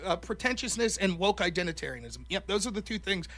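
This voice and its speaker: A podcast guest who used to be a college debater chats casually, his high-sitting voice pushed and bright, with lively intonation and a quick pace. He talks animatedly, swears constantly and acts out what other people said.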